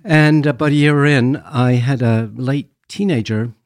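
A man's voice: medium pitch, unhurried, no room sound, clean studio sound. A Canadian man with a wry, self-deprecating manner, a guest chatting casually about his work in an interview. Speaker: guest, film festival founder.

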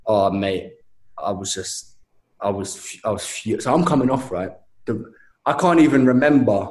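Young man, lively storyteller, casual chat, echoey room. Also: lowish voice, moderate pace. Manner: animated storytelling, says mate a lot. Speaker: guest telling a story.

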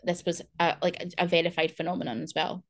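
A woman's voice: on the low side, little pitch movement, fast talker, fairly bright tone. A young woman hosting a podcast, chatting in a rambling way full of fillers. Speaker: podcast host. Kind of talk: casual chat.

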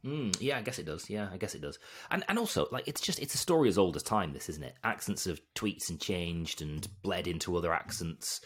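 A man from Bolton with a softened Northern English accent, co-hosting a podcast in a rambling, self-deprecating chat. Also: deep voice, very animated, brisk, few pauses, breathy edge. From Bolton, England. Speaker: podcast co-host. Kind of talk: casual chat.

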